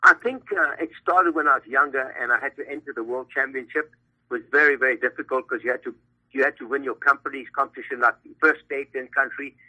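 A man's voice: mid-range voice, fast, pushed and bright, slightly rough. An older man with a South African accent, calling in as a guest, chatty and a bit boastful, rambling with fillers. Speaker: guest, hair stylist and brand CEO. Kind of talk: phone-in interview. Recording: tinny phone line.

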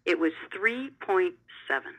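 A middle-aged woman, a television host as interview guest, telling stories with animated emphasis and some repeated words. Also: lowish voice, a little slow, low-quality recording. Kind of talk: conversational interview storytelling.

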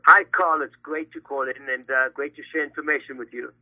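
Brief: older South African man phoning in, chatty and boastful, bright tense voice, husky edge. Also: mid-range voice, steady tone, brisk. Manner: chatty, boastful, rambling with fillers. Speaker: guest, hair stylist and brand CEO. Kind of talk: phone-in interview. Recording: tinny phone line.

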